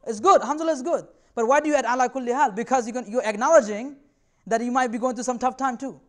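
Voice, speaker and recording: A man's voice: extremely high pitch, fast. A man giving a religious talk to students, earnest and conversational, reassuring his listeners in a loose, chatty way. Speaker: invited speaker.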